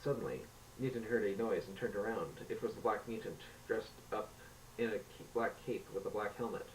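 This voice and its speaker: A man reading a homemade adventure story aloud in a plain, steady way with small slips. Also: fairly low pitch, brisk, distant mic, a little hiss or hum, rough recording.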